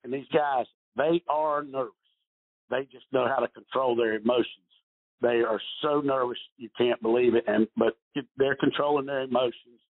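A middle-aged retired golf pro, appearing as a guest in a casual storytelling interview, tells rambling stories and often repeats his words. His husky, medium-pitched voice is steady at a moderate pace, coming through a tinny, phone-like line.

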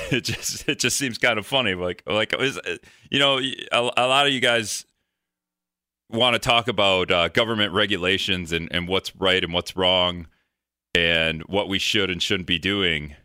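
A man's voice: low-pitched, measured pace, pushed and bright, clean tone, no echo, studio quality. A man hosting a call-in radio talk show, rambling in a joking way and acting out exasperated reactions.

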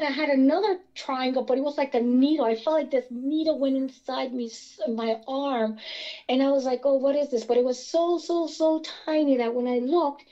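A woman from Pennsylvania telling her own experiences in a casual interview, animated and rambling with many restarts. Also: high-pitched, muffled recording. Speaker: guest experiencer.

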